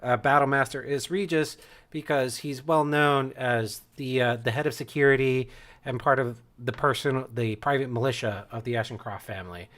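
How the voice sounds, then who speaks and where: A man's voice: medium pitch, steady tone, moderate pace, fairly bright tone. A man narrating a tabletop game as game master in a casual, loose way with fillers.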